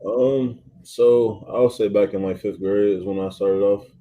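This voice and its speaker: A young man in his twenties, a college football player, giving relaxed interview answers full of ums and you-knows. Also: fairly low pitch, measured pace, lo-fi sound. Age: 20s. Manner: laid-back, many ums and you-knows. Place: athletes' training facility.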